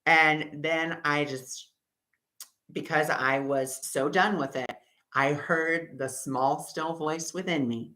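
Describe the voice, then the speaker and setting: A man hosting a spiritual workshop, teaching through an animated personal story in which he acts out his own past outbursts. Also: fairly high pitch, slow pace, rough recording.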